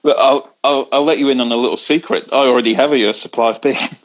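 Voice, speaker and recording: A man's voice: medium pitch, fairly even intonation, quick pace, poor audio. A man from the UK, a comedian guesting on a video chat show, talking in an easygoing, wry, meandering way while holding his phone. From United Kingdom. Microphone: handheld phone on video call.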